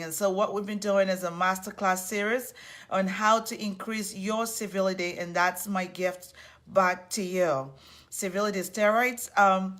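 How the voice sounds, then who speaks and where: A woman's voice: medium pitch, fairly bright tone. A woman hosting a live online talk, effusive and upbeat, greeting viewers by name and welcoming them in. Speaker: host of an online civility series.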